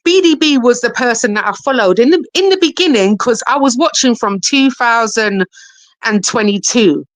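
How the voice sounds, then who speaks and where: A woman with a South London accent, chatting casually as a guest on a live stream, animated and full of slang. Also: a little high, moderate pace, no echo. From England. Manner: chatty and animated, slipping into patois and Cockney slang. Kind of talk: casual chat.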